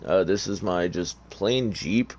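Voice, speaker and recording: A man's voice: low-pitched, slow pace, a little mellow. A tired man giving casual, rambling gameplay commentary in an offhand, hesitant way. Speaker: gamer.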